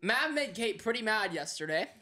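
A man's voice: high-pitched, big pitch swings, moderate pace, bright, forceful tone. A man co-hosting a casual podcast who teases his co-hosts and sets up their stories. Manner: teasing and playful, sets up others' stories. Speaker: podcast co-host. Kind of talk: casual chat.

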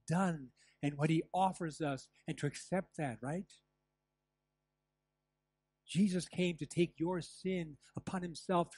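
An older man preaching a sermon as pastor, telling stories with lively asides and the odd laugh. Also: fairly high pitch, no room sound. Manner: animated storytelling with asides and laughs. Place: church.

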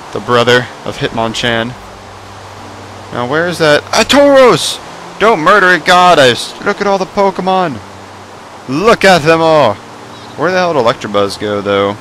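Excitable young man yelling at his game. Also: medium pitch, slight background noise, poor audio. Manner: excitable, swears and yells at the game. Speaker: gaming YouTuber. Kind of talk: Minecraft mod let's play commentary.

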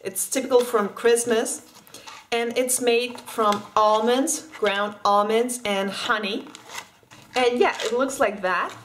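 A woman's voice: on the high side, fairly even intonation, slow pace, a bit bright, slight background noise, low-quality recording. A woman from Spain in a casual vlog, chatting and eating as she tries candy, often restarting her words. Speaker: vlogger.

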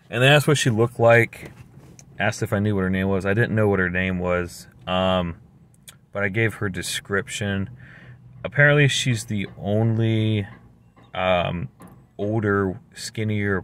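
A man's voice: lowish voice, a bit bright, a little hiss or hum. A man telling a story in a casual, rambling, exasperated way, full of slang. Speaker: vlogger.

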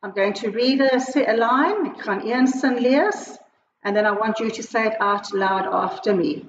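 A South African woman teacher giving a slow, clear lesson, switching between Afrikaans and English as she explains words and a short poem. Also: a little high, slight background noise. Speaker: primary school teacher. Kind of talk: recorded online Afrikaans lesson. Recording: echoey, muffled home video recording.

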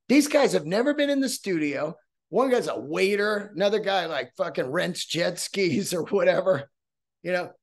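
A man hosting a podcast, telling a story in a casual, profane, excitable way. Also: high voice. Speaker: podcast host.

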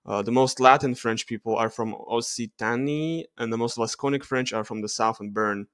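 A man with a Russian accent talks through charts in a halting voice-over. He keeps stopping on "uh" and fixing his own words. His voice sits in a middle pitch and sounds dry and close, with no room around it. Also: a bit bright, clean tone, no echo. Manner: hesitant, frequent uh fillers and self-corrections. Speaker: genetics video creator.

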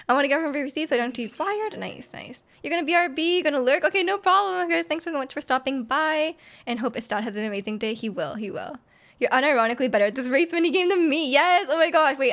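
A woman streaming a video game live, excitable and quick to laugh, reacting to her play and reading chat aloud. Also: high voice.

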